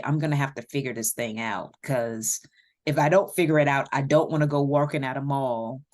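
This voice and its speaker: Low-voiced Southern American woman. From Virginia, USA. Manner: warm and reflective, with light laughs and fillers. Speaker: podcast guest. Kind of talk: casual interview conversation.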